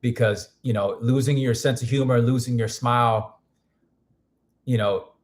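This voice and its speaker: Hoarse man rambling on a stream. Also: mid-range voice, fairly even intonation, a little slow. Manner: rambling, frequent restarts and fillers. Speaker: music producer streaming. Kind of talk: casual live-stream chat.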